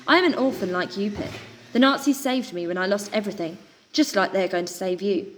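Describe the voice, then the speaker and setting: A woman's voice: mid-range voice, a little fast, a little hiss or hum, close to an everyday voice. A woman doing a smug German-accented traitor pigeon. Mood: cooing. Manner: calm, cooing, smug. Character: cold scheming female pigeon traitor.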